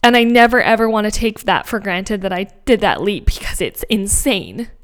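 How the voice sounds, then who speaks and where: A woman hosts her podcast, recording into a mic in her home office. She tells a personal story with animated emphasis, lots of "um" and "like," and a mid-range voice. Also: mid-range voice, normal speed. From Canada. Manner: animated, emphatic, with frequent laughs and fillers. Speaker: podcast host. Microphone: home office microphone.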